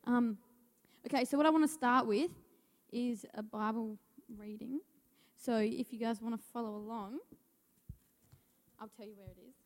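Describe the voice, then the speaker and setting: A woman's voice: on the high side, moderate pace, long pauses. Nervous young woman preaching. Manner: nervous, stumbling reading with restarts. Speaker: youth speaker. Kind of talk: church message. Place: church hall. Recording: long hall reverb.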